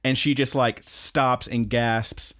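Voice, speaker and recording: A man co-hosts a podcast in easy, casual chat. He recaps scenes with animated energy, acting out the characters' lines and laughing often. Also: medium pitch, takes it slowly. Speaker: podcast co-host.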